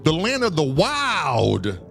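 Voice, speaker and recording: A man from Southern California telling a long story on a live show, animated and profane, acting out the dialogue. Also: a little high, slow, vocal fry, faint music behind.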